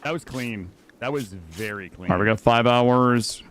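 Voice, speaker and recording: A young gaming streamer narrates his gameplay live on a studio microphone, swinging from mutters to panicked outbursts. His medium-pitched voice has a fairly bright tone and moves at normal speed.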